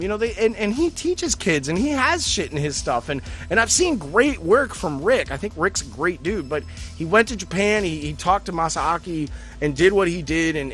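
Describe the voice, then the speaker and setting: A man's voice: on the high side, fairly bright tone. A man hosting a podcast in rambling, profane casual chat, often laughing and mocking others. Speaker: podcast host.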